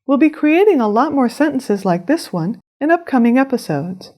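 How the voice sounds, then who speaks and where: Lively, high-voiced woman teaching a language. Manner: clear, measured instruction with careful pronunciation. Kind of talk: scripted lesson narration.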